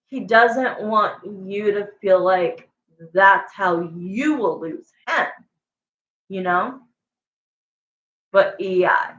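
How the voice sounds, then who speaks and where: A woman's voice: medium pitch, a bit bright. A woman tarot reader chats with her livestream viewers in an emphatic, affectionate, rambling way, full of "like" and "you know". She talks unhurriedly, and her voice sits in an echoey room with a dull, lo-fi sound. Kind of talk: casual livestream chat with viewers.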